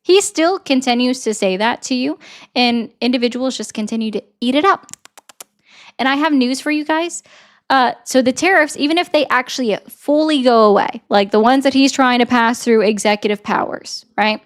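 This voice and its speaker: Female commentator with a slightly high voice, brisk and assertive. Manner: rapid, assertive, lecturing. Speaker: political commentator. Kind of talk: debate and explainer commentary.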